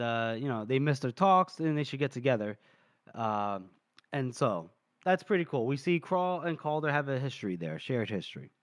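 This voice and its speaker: A man's voice: medium pitch, clean tone, dry recording, clean studio sound. A man co-hosting a podcast, recapping a book chapter in loose, rambling casual chat, full of fillers and the odd swear word. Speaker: podcast co-host.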